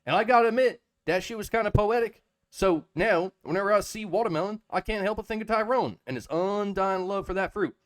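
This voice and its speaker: A man's voice: high-pitched, brisk, dry recording, pitched above the performer's own voice, natural voice. A man putting on a brash slangy storyteller. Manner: emphatic, drawling, heavy slang. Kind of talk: dramatic reading of a chatbot text.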